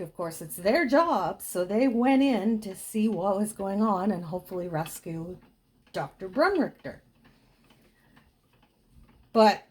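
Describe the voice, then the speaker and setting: A woman casually telling a gruesome true ghost story, dropping to a hush for the grisly details. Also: medium pitch. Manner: chatty with dramatic hushed dips.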